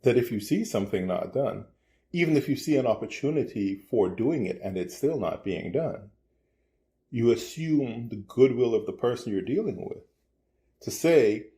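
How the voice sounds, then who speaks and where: A husband co-hosts a casual podcast chat with his wife at home over breakfast. He talks in a measured, explanatory way and often acts out bits of dialogue. His voice carries a roomy echo. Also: medium pitch, expressive, dark tone.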